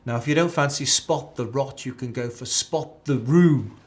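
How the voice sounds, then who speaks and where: A man with a medium-pitched voice and a moderate pace tutors a live accounting exam class. He's chatty and drills key phrases by repeating them.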